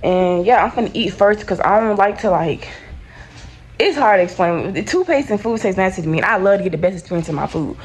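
A woman's voice: medium pitch, lively intonation, fairly quick, a little hiss or hum, low-quality recording. A woman chatting casually to her phone camera in a vlog, slangy and full of fillers. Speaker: vlogger.

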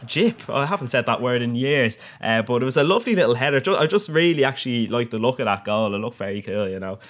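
A man's voice: mid-range voice, expressive, fast. Chatty young man commentating a game. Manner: chatty, jokey, crude, laughs often. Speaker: gaming commentator.

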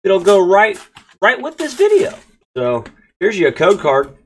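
A man hosts a casual pack-opening vlog, gushing over each card and talking straight to his viewers. His pitch swings widely, climbing high when something excites him and dropping low in between. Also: unhurried, breathy edge. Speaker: card-opening channel host.

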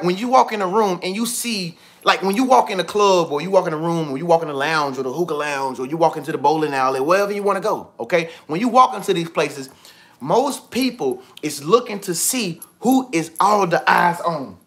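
A man giving casual motivational talk on a livestream, slangy and animated, repeating himself often. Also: high-pitched, fairly quick. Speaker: vlogger. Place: indoors with TV and iPad.

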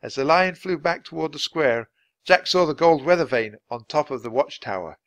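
A man reading a children's adventure book aloud, clear and steady for language learners. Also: a little high, normal speed, no room sound. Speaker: storybook reader.

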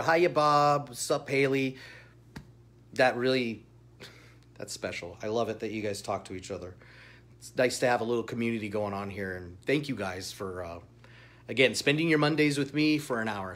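A man hosts a live comic-shop sales stream in a medium-pitched, fairly bright voice at a moderate pace. Showcasing products, he stays chatty and upbeat, greeting chat viewers by name and laughing often.

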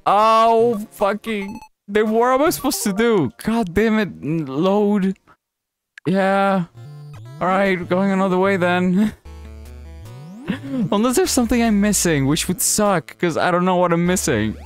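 A man's voice: sits high, unhurried, soft background music. A man commentating his own gameplay, often frustrated, swearing and laughing at himself, sometimes pleading with the game. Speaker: gaming channel host. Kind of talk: live let's play commentary.

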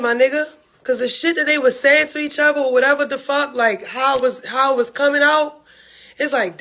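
A woman's voice: sits high, a bit bright. A woman venting to her livestream viewers about family feuds, blunt, profane and heartfelt. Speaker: reality-TV family member livestreaming.

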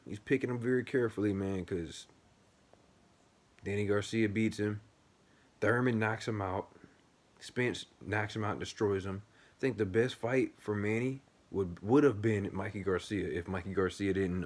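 A man with a somewhat low voice hosts a boxing vlog and breaks down a fight in loose, casual talk. He vents bluntly and swears freely, with lots of animation. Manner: blunt, profane, animated venting. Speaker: boxing channel host.

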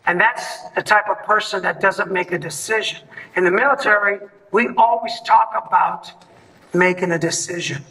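A man's voice: high voice, normal speed, sharp tone, far from the mic, low-quality recording. A man giving an event speech, telling a story and acting out both sides of the dialogue. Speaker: event speaker. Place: event hall.

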